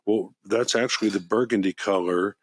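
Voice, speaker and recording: A man with a somewhat low voice chats casually on a podcast about wine. He rambles happily from one story to the next, clearly excited by the subject. The recording is close and dry, with no room sound. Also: moderate pace, no room sound. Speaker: wine shop podcast host. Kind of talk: casual chat.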